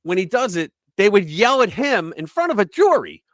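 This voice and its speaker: A man's voice: high-pitched, big pitch swings, moderate pace, a bit bright, no room sound. A man hosting a casual political talk show, retelling a story in a rambling way with restarts and fillers. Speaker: host.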